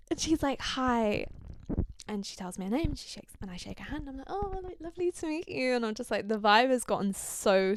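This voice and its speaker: A young woman from Scandinavia hosting a podcast, telling a story in an animated, gossipy way and swearing freely. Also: medium pitch, dry recording, clean studio sound. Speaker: podcast host. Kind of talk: casual storytelling chat.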